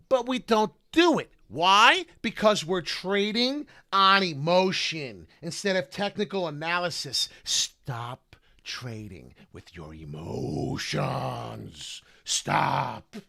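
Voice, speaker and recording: A man hosting his own crypto channel, ranting loudly with heated swings between shouting and quieter apology. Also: high-pitched. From Italian heritage. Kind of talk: ranting vlog.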